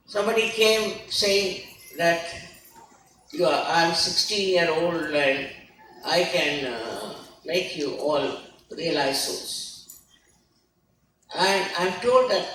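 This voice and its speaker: A woman's voice: on the low side, a bit bright, a little hiss or hum. A woman giving an emphatic sermon as a spiritual teacher, scolding and asking rhetorical questions. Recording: echoey hall recording from far off.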